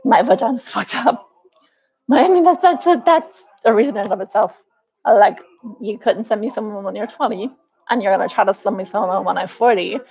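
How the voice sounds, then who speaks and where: A woman's voice: medium pitch, a little fast, a little mellow, low-quality recording. A woman in her forties venting in a rambling, profane vlog monologue, full of restarts. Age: 40s. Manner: aggrieved, venting. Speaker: vlogger.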